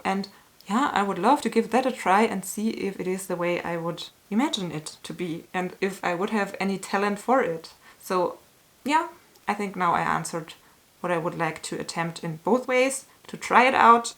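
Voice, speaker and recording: A woman chatting to her camera in a candid, earnest vlog. She picks her words slowly, with small restarts, and lets feeling show through now and then. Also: mid-range voice. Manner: earnest, candid, sometimes emotional and softly laughing; slow, searching phrasing with small restarts. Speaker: YouTuber answering a tag. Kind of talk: casual talk to camera.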